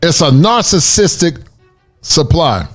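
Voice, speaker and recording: A man's voice: a little high, very animated, takes it slowly, faint music behind. A man hosting a commentary channel, reacting to clips with laughter and preachy asides to his viewers.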